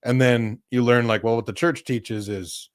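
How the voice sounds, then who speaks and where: A man's voice: mid-range voice, fairly even intonation, normal speed, no room sound, studio quality. A man co-hosting a casual religious conversation, chatty with frequent laughs and fillers. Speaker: podcast co-host.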